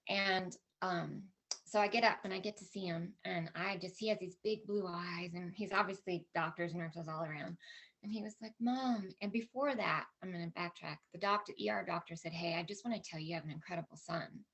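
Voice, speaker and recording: A woman's voice: lowish voice, fairly even intonation, a little fast, a bit bright. A middle-aged woman speaking at a conference, telling a personal story with candid emotion and lots of quoted dialogue. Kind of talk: personal story told to an audience. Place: conference stage.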